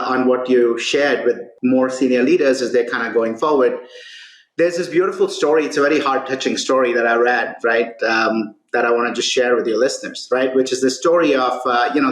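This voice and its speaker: A man's voice: mid-range voice, a bit bright. A male podcast guest and author telling a story in conversation, peppering his talk with "right?" and "you know". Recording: roomy echo.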